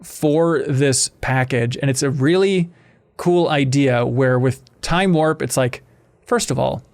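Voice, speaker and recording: A man's voice: mid-range voice, slow, a little mellow. A man hosting a games podcast, chatting enthusiastically in long run-on sentences. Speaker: podcast host. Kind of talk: casual chat.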